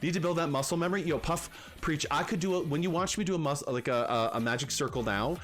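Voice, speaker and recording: A man hosting a casual livestream, talking to viewers in an animated, chatty way and slipping into rants. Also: a little high, fast, soft background music. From Canada. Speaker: livestream host.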